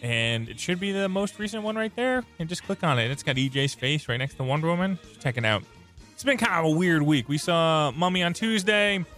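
A man's voice: fairly high pitch, animated, a little fast, fairly bright tone, soft background music. A man hosting a podcast while sick, his voice strained, rambling enthusiastically with a lozenge in his mouth. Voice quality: sounds like something in his mouth. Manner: rambling, enthusiastic, self-interrupting. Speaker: podcast host. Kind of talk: casual podcast chat. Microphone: close podcast mic.

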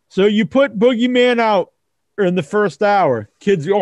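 A man hosting a casual wrestling talk show, rambling and profane, acting out kids in squeaky voices. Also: lively intonation, unhurried, dry recording. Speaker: host.

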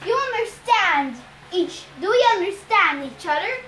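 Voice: very high voice, lively intonation, reverberant, a little hiss or hum, heavily acted. A child playing a growling, furious war god. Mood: angry, menacing. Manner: growling and bellowing, slow and loud. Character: furious, bullying male war god, a harsh father.

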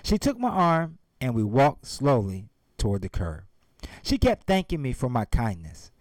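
A man's voice: medium pitch, wildly swooping pitch, unhurried, dry recording. A man giving a motivational speech and retelling a story, emphatic and speaking straight to his audience. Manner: emphatic, addresses the audience directly.

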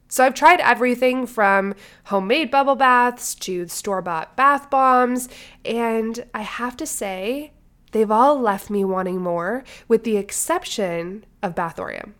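A woman's voice: mid-range voice, fairly bright tone. A woman co-hosting a podcast, her voice nasal and stuffy from a cold, chatting upbeat and casual. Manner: upbeat, chatty, fond of "like" and "obsessed". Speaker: podcast co-host. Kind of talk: casual podcast chat and host-read ad.

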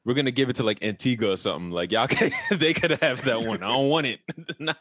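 A man's voice: mid-range voice, fast talker, no echo, clean studio sound. A man from the Caribbean co-hosting a casual podcast, telling stories with lots of laughter and profanity. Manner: animated storytelling, laughs often, profane. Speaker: podcast co-host.

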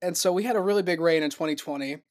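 A man's voice: fairly high pitch, racing. A young man telling rambling stories in a casual podcast chat, laughing often and acting out quotes. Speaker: podcast guest.

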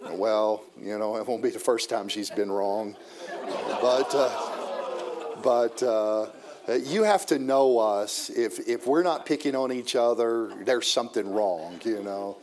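A man preaching as a visiting preacher in a church, folksy and joking, with many halting fillers. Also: fairly low pitch, a little mellow, some chatter behind. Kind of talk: sermon.

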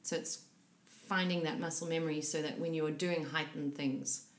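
A woman hosting an interview, chiming in quickly to finish her guest's thoughts and add her own examples. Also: deep voice, steady tone. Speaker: podcast host. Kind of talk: conversational interview. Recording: echoey room.

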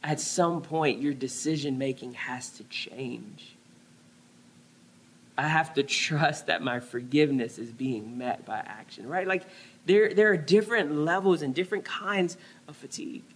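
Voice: mid-range voice, a little slow, husky. A pastor preaching a conversational sermon, often dropping to a near-whisper on key words.

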